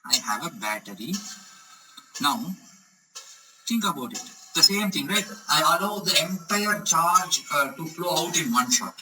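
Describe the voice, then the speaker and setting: A man's voice: fairly high pitch, lively intonation, a little slow, sharp tone, far from the mic, faint music behind, low-quality recording. A man teaching an electronics lesson, explaining step by step and often checking with the class. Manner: repeats "correct?" to check understanding. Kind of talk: explanatory lecture.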